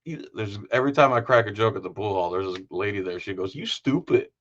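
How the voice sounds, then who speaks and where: On lo-fi audio, a man with a fairly low yet fairly bright voice talks fast. He's a livestream host ending his broadcast in a loose, joking, rambling way, full of fillers.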